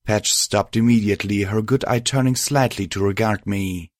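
Low-voiced man narrating a story. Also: steady tone, normal speed, dry recording, studio quality. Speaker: reader. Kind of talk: first-person fan fiction audiobook narration.

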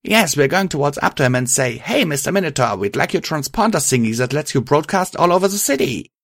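Man voicing a goofy chattering pony guy, high, animated, sarcastic. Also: a little fast, dry recording, clean studio sound, exaggerated voice. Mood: mocking. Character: silly chattering male pony friend.

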